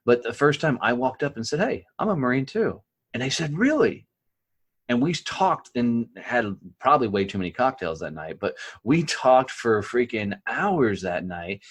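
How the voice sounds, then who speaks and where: His voice runs on the low side with a breathy edge. The speaker is a middle-aged man from rural America, a podcast guest whose casual storytelling is blunt, profane, and peppered with "right?".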